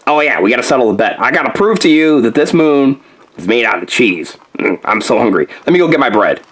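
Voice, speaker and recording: A man voicing a hungry, slow-witted male bulldog pup in a toy play-along story, with a husky, rambling drawl. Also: medium pitch, big pitch swings, fairly bright tone, pitched below the performer's own voice, rough recording.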